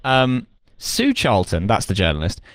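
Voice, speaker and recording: A man's voice: lowish voice, wildly swooping pitch, unhurried, fairly bright tone, dry recording. A man co-hosting a podcast, with dry, sardonic comedic chat about a film, reading from a summary now and then. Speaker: podcast co-host.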